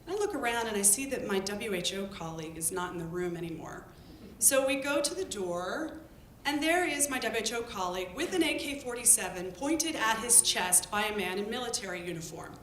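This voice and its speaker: A woman telling a lively story about her field work to an audience. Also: brisk, hardly any pauses. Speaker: public health worker telling a story. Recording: echoey room with faint rumble.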